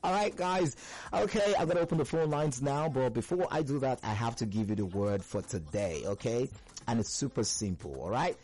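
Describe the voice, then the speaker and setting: A man's voice: medium pitch, animated, a little fast, a little mellow, slightly rough. A young man hosting a radio call-in show, hyped and playful, laughing often. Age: young adult. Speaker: radio host.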